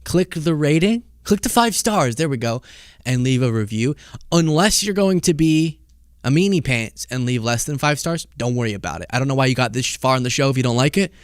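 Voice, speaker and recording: A man hosting a political commentary show, talking casually in an animated, sarcastic and jokey way. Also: mid-range voice, brisk, clean tone, no echo, clean studio sound.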